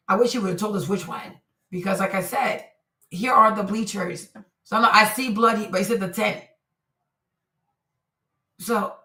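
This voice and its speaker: A woman's voice: mid-range voice, fairly even intonation, moderate pace, long pauses, bright, forceful tone, roomy sound, recorded from a distance. A woman hosting a live commentary stream, speaking emphatically and repeating herself for effect. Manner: emphatic, repetitive, exclaiming. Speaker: livestream commentator.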